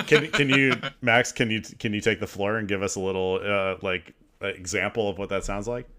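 A man's voice: on the low side, moderate pace, sharp tone. A man co-hosting a podcast in casual chat, joking and restarting his sentences. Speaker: podcast co-host.

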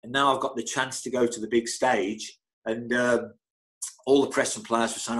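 Middle-aged man telling lively stories. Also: mid-range voice, moderate pace, poor audio. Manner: lively storyteller, stammers and repeats words. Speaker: football club physio, guest. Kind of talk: anecdotal interview storytelling.

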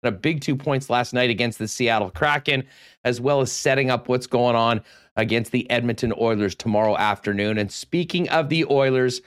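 Energetic sports radio host. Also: male voice, medium pitch, moderate pace, clean tone. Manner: energetic, loose, with many fillers. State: losing his voice. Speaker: sports talk show host. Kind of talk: casual radio sports talk.

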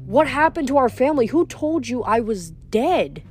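An earnest teenage boy hero, anxious and hesitant in his questions, as a woman reading a storybook voices him. The voice stays near her own fairly high pitch. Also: sing-song, normal speed, faint music behind.

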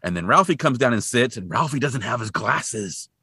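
Podcast co-host, lively bright man, recaps a film scene, jumps into high voices for the characters, dry close sound. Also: normal speed, slightly rough, no echo. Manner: animated, acts out characters in high put-on voices. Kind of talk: casual chat retelling a film.

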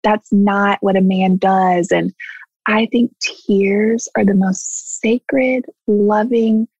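A woman's voice: mid-range voice, steady tone, slow, darkish tone, husky, dry recording, highs cut off. A woman therapist speaking earnestly and emphatically in casual conversation, repeating heartfelt words. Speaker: therapist guest.

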